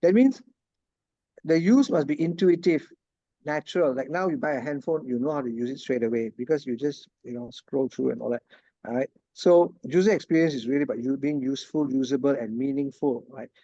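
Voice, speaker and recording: A man's voice: medium pitch, brisk, dark tone, dry recording, muffled recording. A man giving a casual online lecture, chatty and laughing often, checking in with his students. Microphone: video call.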